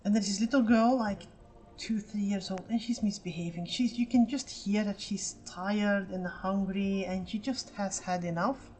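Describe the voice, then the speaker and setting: Woman chatting on a stream, animated storyteller, swears a lot, faint room noise. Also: medium pitch, normal speed. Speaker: streamer co-host. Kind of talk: casual stream chat.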